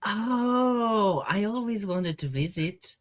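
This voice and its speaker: A woman's voice: medium pitch, expressive, slow pace, dry recording. A woman playing a tabletop game, chatting enthusiastically. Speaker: player. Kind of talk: tabletop role-play chat.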